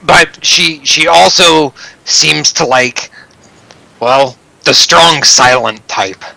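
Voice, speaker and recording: A jittery bartender who prophesies doom played by a man in a tabletop role-play game. He stammers and circles back over his words in a slightly high, gravelly voice. The sound is dry and close. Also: slow, sharp tone, dry recording, exaggerated voice, low-quality recording. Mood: gossipy. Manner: stammering, repeats himself. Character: nervous male bartender who predicts doom.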